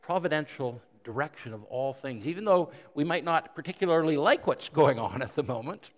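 A pastor preaching a sermon in an earnest way, often repeating words and asking rhetorical questions. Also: male voice, a little high, expressive, brisk. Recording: long hall reverb.

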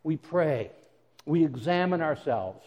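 A man's voice: fairly high pitch, animated, takes it slowly, a little mellow, big-room sound. A man preaching a sermon in an earnest way, often repeating words as he goes and voicing the words of God and Jesus. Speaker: pastor.

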